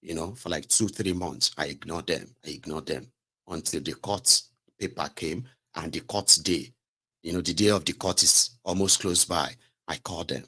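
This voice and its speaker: A man's voice: deep voice, normal speed, bright, forceful tone, husky. A man with a Nigerian accent giving casual political commentary in a rambling, mocking way, slipping between English and pidgin. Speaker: commentary host.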